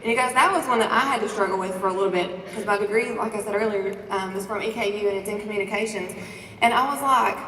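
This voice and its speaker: A woman giving a lively motivational talk to a conference audience, asking the crowd questions and preaching about faith and confidence. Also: mid-range voice, quick pace, a little hiss or hum. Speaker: conference speaker. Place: large conference hall. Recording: echoey hall recording from a distance.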